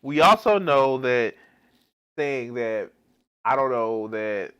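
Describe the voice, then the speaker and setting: A man's voice: medium pitch, lively intonation, takes it slowly, pauses often, a bit bright, clear, resonant tone. A man live-streaming reaction commentary, exasperated and swearing heavily, with rambling restarts.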